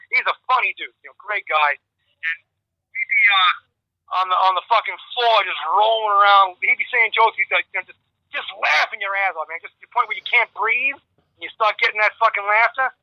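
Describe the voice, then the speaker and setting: A man's voice: sits high, quick pace, no room sound, highs cut off. A man, a rock guitarist guest in a casual phone interview, rambling and swearing as he tells stories and laughs often.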